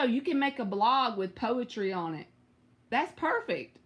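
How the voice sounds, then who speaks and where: A woman's voice: fairly high pitch, big pitch swings, measured pace, fairly bright tone, highs cut off. A woman with a Southern US accent giving live tarot readings, chatty and direct, answering viewers by name. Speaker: tarot reader.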